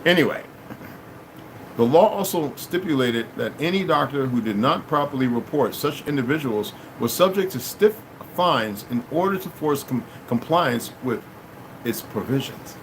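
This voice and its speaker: This channel host, a middle-pitched man, reads aloud at normal speed in an expressive way, regularly pausing for spontaneous asides aimed at his audience. Hard words trip him up, prompting restarts. The rough recording has a faint hum in the background.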